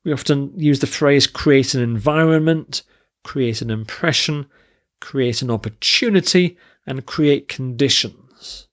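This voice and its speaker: A man teaching an English vocabulary lesson, listing word forms and reading example sentences carefully. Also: mid-range voice. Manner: slow, deliberate, spells out word forms and stress.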